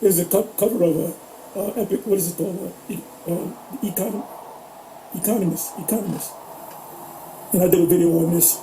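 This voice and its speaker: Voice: medium pitch, fairly even intonation, fairly quick, long pauses, dark tone, slight background noise, rough recording. A co-host talking casually about politics, rambling, swearing and fumbling for words. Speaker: podcast co-host.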